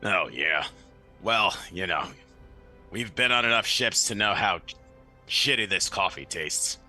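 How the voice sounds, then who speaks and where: A man's voice: fairly low pitch, lively intonation, unhurried, sharp tone, soft background music. A man playing in a tabletop game, chatting casually and joking in a laid-back way. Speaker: player.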